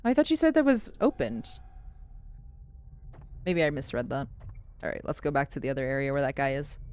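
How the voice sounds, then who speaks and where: A woman streaming a game, chatting easily with her viewers. Her pitch rises and falls a lot as she talks, and she reads in-game notes aloud between remarks. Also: big pitch swings, a little fast, darkish tone, clean tone. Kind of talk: casual gameplay commentary.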